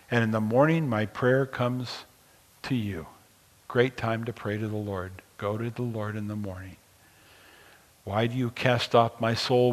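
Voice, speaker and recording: Man preaching in a reverberant hall. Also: medium pitch. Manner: swings between loud emphatic scripture reading and quiet pastoral asides. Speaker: pastor. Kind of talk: sermon.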